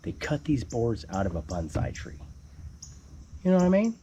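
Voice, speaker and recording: A man's voice: mid-range voice, wildly swooping pitch, moderate pace, dark tone, highs cut off, slight background noise. A man casually explaining construction work at his building site, joking around as he goes. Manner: playful, joking, calls viewer "baby cakes". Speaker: homesteader building his house.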